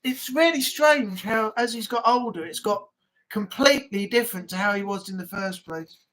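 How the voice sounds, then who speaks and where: A woman hosting a relaxed live chat stream, talking loosely and rambling with plenty of fillers and asides. Her tone is informal and conversational, and she sounds at ease. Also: medium pitch, normal speed, rough recording. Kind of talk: casual chat.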